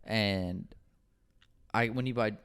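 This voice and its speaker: A man's voice: lowish voice, takes it slowly, clear, resonant tone. A man in his twenties, a podcast guest, casually telling stories, swearing and laughing as he goes. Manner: relaxed storyteller, swears, laughs. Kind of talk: casual chat.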